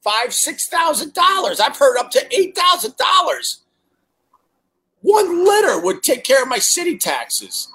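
A man's voice: extremely high pitch, big pitch swings, measured pace, pushed and bright. A man hosting a casual livestream, chatting to viewers and reading their comments, joking crudely and swearing often.

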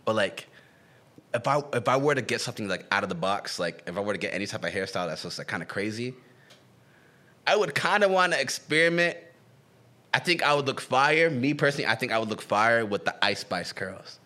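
A man's voice: mid-range voice, brisk. A young man co-hosting a casual comedic podcast, talking in a loose, slangy way and acting out what other people said. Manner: animated, slangy, acts out quotes. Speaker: podcast co-host. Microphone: camera-facing home recording.

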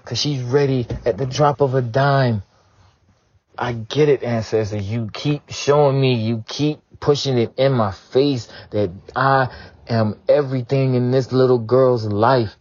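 A man's voice: mid-range voice, fairly even intonation, measured pace, a little mellow, no echo. A man in his forties giving a conversational, earnest spoken prayer to his ancestors, repeating phrases for emphasis and speaking bluntly. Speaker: spiritual prayer leader. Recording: dull lo-fi recording.

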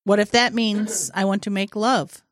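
A woman's voice: mid-range voice, steady tone, normal speed, dry recording. A woman co-hosting a podcast in casual chat, teasing with dry jokes and laughing often. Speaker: podcast co-host.

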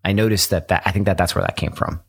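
Fields: Sex: man. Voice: very deep, husky. Style: casual podcast chat. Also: fairly even intonation, quick pace. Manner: laughs a lot, hesitant restarts, swears casually. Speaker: podcast co-host.

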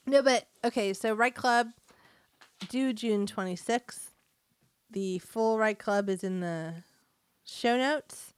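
A woman co-hosting a podcast in casual, joking chat full of quick asides. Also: fairly high pitch, smooth, dry recording. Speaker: podcast co-host.

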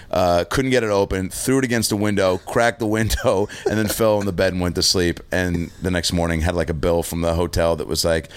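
A man, a stand-up comedian, telling a story in casual chat, swearing freely and loudly acting out the people he quotes. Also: low-pitched, clear, resonant tone.

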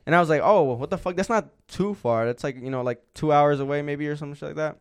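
A young man co-hosts a podcast and tells a long personal story in loose, rambling chat. He swears often and leans on filler words. His voice sits a bit high and sounds smooth and clean. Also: quick pace. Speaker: podcast co-host.

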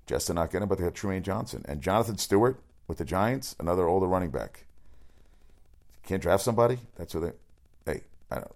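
A man running through sports news as a radio host, rambling, excitable and swearing often. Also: low voice, brisk. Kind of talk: casual sports news rundown.

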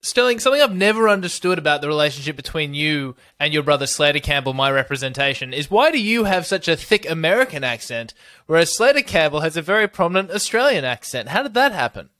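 Fast-talking bright-voiced podcast co-host man. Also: fairly high pitch, lively intonation, dry recording. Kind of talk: comedic podcast banter.

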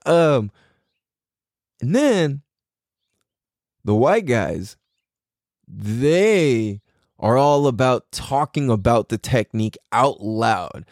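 Brief: male podcast host, lively up-and-down pitch, slangy and profane, close dry sound. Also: drawn-out words, pauses often, no room sound. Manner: animated, laughs often, swears freely, slangy. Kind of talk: casual comedic monologue.

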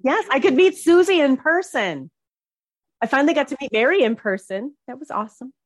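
A woman joining a podcast chat, quick to laugh and trade jokes. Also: high-pitched, expressive, dry recording. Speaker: podcast guest, groomer.

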